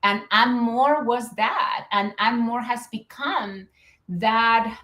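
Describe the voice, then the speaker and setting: A woman's voice: on the high side, slow pace, pushed and bright. Earnest Chilean-accented woman in an echoey room. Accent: Chilean Spanish. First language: Spanish. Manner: earnest, reflective, with many fillers. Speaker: guest, business founder. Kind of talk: conversational interview.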